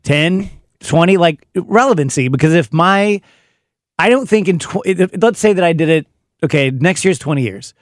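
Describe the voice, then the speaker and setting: Brief: man in his 50s, radio host, fairly high voice, loose self-deprecating studio banter, dry close sound. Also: animated, normal speed, no room sound. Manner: laughing, self-mocking, rambling.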